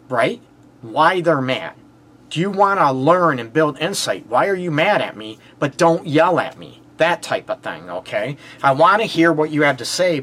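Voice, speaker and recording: A man's voice: a little high, fairly bright tone. A man with a Detroit accent hosting a relationship advice call-in show, talking emphatically with rhetorical questions, frequent "you know what" and short laughs. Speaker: relationship counselor and show host.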